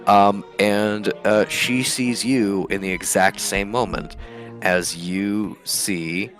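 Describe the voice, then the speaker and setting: A man's voice: fairly low pitch, fairly even intonation, slow, fairly bright tone, faint music behind. A man narrating as game master in a tabletop game, rambling with many fillers.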